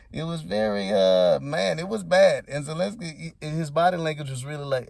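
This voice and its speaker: A man's voice: a little high, lively intonation, fairly quick, vocal fry, few pauses, darkish tone, no room sound. A man giving rambling, laid-back, slangy commentary as a vlogger. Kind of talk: casual commentary.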